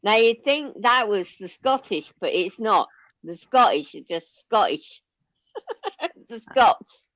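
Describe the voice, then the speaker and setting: A woman's voice: on the high side, sing-song, slow, fairly bright tone, dry recording, dull audio. Chatty Lancashire woman in her sixties. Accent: Lancashire English. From Lancashire, England. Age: 60s. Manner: chatty, laughs often. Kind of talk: casual chat.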